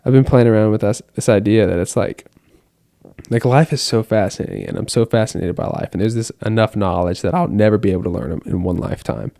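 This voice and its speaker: A man's voice: on the low side, fairly quick, creaky, dark tone, dry recording. Earnest teenage boy rambling late at night. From United States. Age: teens. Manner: rambling, earnest, many "like" fillers. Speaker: vlogger. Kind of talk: late-night reflective monologue. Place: his bedroom at night. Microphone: camera.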